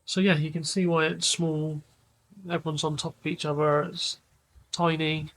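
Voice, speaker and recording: A man talks in a loose, rambling way, full of fillers and trailing thoughts. His voice sits a little higher than most men's. This is casual vlog chat. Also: moderate pace, slight background noise, low-quality recording. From England. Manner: rambling, relaxed, lots of fillers. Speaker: vlogger.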